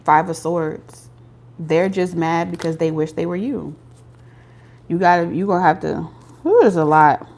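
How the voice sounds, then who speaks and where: A woman's voice: on the low side, measured pace, long pauses, darkish tone. A woman doing a casual tarot reading for viewers, talking bluntly with slang and profanity. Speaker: tarot reader.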